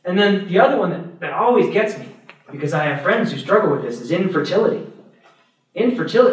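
A Catholic priest with a higher male voice gives a parish adult-formation talk, fast and expressive, checking in with "right?" and "okay?" and voicing other people's thoughts in little character voices. The room is very echoey and the mic sits far away.

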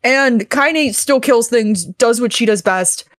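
A young woman with a fairly high voice retells a game's plot in casual podcast chat. She tells it with animated energy, peppered with fillers and the odd curse. The sound is close and dry, with no room around it. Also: slow pace, no echo. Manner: animated storytelling, full of fillers and swearing. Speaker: podcast co-host. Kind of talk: casual chat recapping a video game.

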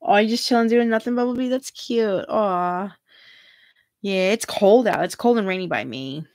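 A woman's voice: mid-range voice, normal speed, darkish tone, no echo, studio quality. A middle-aged woman hosting a free tarot reading livestream, chatting casually, giggling often and reading viewer comments aloud.

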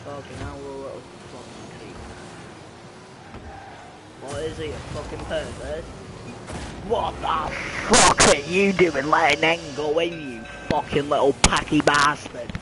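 Profane young man, slow trash talk. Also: a little high, heavy background noise. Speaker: gamer. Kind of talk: gameplay commentary.

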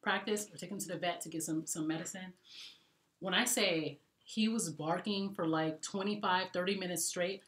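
A woman vlogging travel tips in a chatty, animated way, talking to viewers as y'all. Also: on the low side, moderate pace, reverberant. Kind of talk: casual storytelling vlog.

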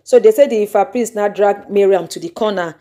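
A young woman with a Nigerian accent hosting a YouTube channel, retelling gossip in an animated storytelling way with dramatic exclamations. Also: medium pitch, brisk. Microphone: microphone.

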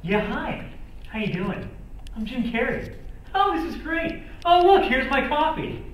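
A man doing an impression of a manic comic actor, loud and high with goofy exaggerated delivery, in an echoey room away from the mic. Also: sing-song, unhurried, far from the mic, slight background noise, exaggerated voice.

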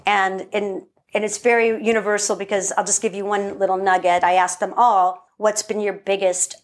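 A woman guest in a casual interview, a lively storyteller who acts out quotes and laughs often. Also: mid-range voice, normal speed.

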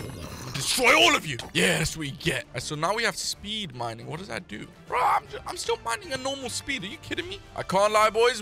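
A young man giving excited gameplay commentary, hyped and yelling complaints at the game. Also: fairly high pitch. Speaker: gaming YouTuber.

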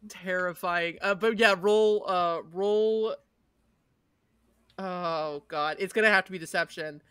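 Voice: mid-range voice, takes it slowly, sharp tone, clean tone, dry recording. A game master running a tabletop game, talking loosely and laughing often.

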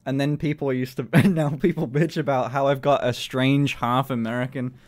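A British man in a casual live-stream chat, talking in an animated way, swearing a lot and laughing often. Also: medium pitch, normal speed.

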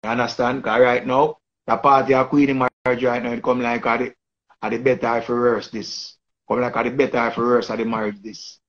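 A man's voice: medium pitch, level tone, fairly quick, fairly bright tone, dull audio. A man with a Jamaican accent giving rambling casual commentary in patois, often repeating and restarting his phrases. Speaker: online commentator.

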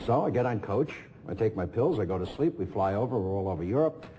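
A middle-aged man sits as a talk show guest and tells a story in a lively, sing-song voice that swoops up and down as he mimics the people in it. A faint hiss of background noise sits under him. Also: fairly low pitch, quick pace. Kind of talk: casual anecdote telling.

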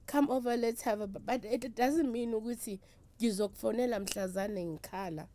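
A woman's voice: on the high side, normal speed, dark tone, no echo. Emphatic South African woman guest. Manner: mixes English with Zulu and Sotho, emphatic and emotional. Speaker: traditional healer, interview guest. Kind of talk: candid interview talk.

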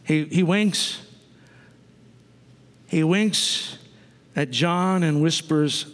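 A man's voice: on the high side, very slow, pauses often, fairly bright tone. A man preaching a sermon to his congregation, conversational, with asides to the people in the pews. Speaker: pastor. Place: church sanctuary. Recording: long reverb of a church sanctuary.

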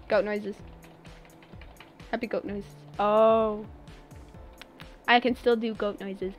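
A young woman live-streams a game, chatting playfully with her viewers as she plays. Her medium-pitched voice is fairly bright but flat and slow, with soft music in the background.

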